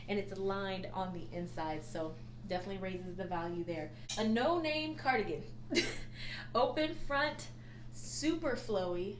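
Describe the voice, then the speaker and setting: A woman's voice: medium pitch, a little hiss or hum. A young woman chatting casually about her thrift haul for resale, gushing and laughing often. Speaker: reseller vlogger. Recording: echoey room.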